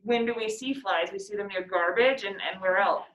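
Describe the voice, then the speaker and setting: A woman's voice: mid-range voice, fairly quick, a bit bright, highs cut off, a little hiss or hum. Chatty woman teacher in an echoey room. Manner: chatty, laughs often, reads lines aloud. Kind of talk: classroom poetry discussion.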